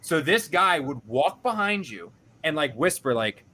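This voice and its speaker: A young man hosting a podcast, telling a story in an animated, self-deprecating way and acting out what others said. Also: on the high side, a little slow, a little hiss or hum. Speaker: podcast host. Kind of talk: casual storytelling.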